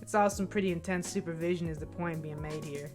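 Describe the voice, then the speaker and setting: A woman voicing a cool, ironic teenage boy with a deadpan, drawling delivery and casual swearing. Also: sits low, fast, faint music behind, voice pushed down, lightly acted. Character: cool ironic teen boy, laid-back swagger.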